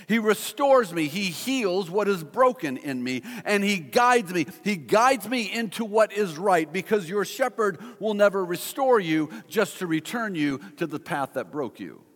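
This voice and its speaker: A middle-aged male pastor preaching a sermon, slowing down to stress each scripture line. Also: high-pitched, fairly bright tone. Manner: measured preaching with slowed emphatic scripture readings. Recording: long hall reverb.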